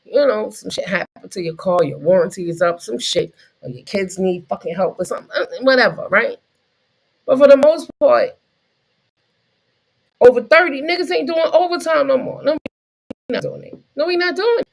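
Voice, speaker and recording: Gravelly-voiced man on a comic rant. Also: sits high, animated, low-quality recording. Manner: profane, loose storytelling with quick asides. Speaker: streamer. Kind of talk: casual comedic livestream rant.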